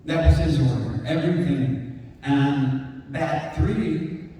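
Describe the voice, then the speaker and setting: A man's voice: a little high, slow, dark tone, a little hiss or hum. An older man answering fan questions at a convention panel, rambling and emotional, at times close to tears. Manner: gruff, rambling, breaks down near tears. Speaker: celebrity convention panel guest. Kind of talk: emotional storytelling Q&A. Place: large convention hall. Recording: echoey hall, captured from far off.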